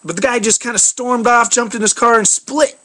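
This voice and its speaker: A man's voice: very high-pitched, brisk, bright, forceful tone. A man telling a story in a casual vlog, rambling with many fillers. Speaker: vlogger.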